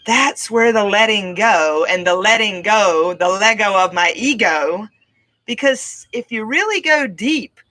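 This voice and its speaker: A middle-aged woman host giving a casual motivational talk, expressive and acting out what parents say. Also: mid-range voice, a little slow, rough recording. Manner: expressive, acts out quoted parents.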